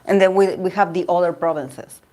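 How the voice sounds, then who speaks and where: Brisk and fairly low-pitched, with a darkish tone and mostly even intonation, an Argentine woman hosts her tarot channel's livestream. She speaks Spanish natively with an Argentine accent, chatting and rambling with frequent laughter and restarts.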